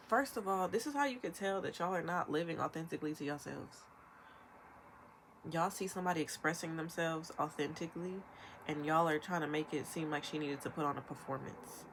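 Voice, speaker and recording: A woman's voice: sits low, vocal fry, a little hiss or hum. Emphatic young woman ranting on camera. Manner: emphatic, rapid-fire, animated with imitated quotes. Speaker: vlogger. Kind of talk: ranting commentary.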